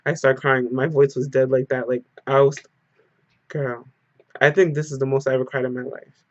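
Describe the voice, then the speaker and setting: A man's voice: mid-range voice, flat delivery, normal speed, dry recording. A man talking straight to camera in a casual storytime vlog, telling an emotional story packed with "like". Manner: emotional storyteller, heavy use of "like". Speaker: vlogger. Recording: dull lo-fi dry recording.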